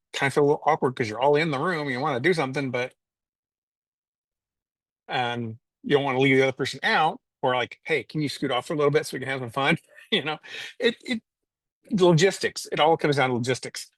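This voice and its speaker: A man's voice: mid-range voice, fairly quick, no echo. Male panel guest, easygoing and conversational, close dry mic. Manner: relaxed, listing points with ums and a laugh. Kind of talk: casual group chat.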